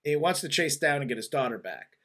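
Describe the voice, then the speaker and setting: A man hosting a casual movie review chat, retelling scenes in a rambling, animated way with frequent laughs and swearing. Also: medium pitch, brisk. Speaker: movie review podcast host.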